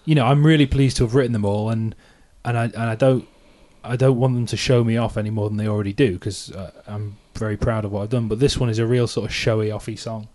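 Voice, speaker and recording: An English musician in his thirties hosts a podcast, chatting casually about his songs while mocking himself and laughing a lot. His fairly low, darkish voice holds a steady tone and runs fast, with hardly any pauses.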